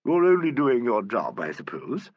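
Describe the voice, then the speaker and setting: A man's voice: medium pitch, huge pitch swings, normal speed, no echo, highs cut off, voice pushed up. A man voicing a cosy, chatty old actress with a jolly wheeze, in an audiobook. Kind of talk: audiobook character voice.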